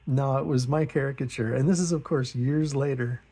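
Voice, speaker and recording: A middle-aged man hosting an art channel, chatting in a relaxed, rambling, self-deprecating way while he draws, often chuckling and acting out what others said in a higher voice. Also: a little fast. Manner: acts out quoted remarks in a higher voice. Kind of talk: relaxed chat while drawing.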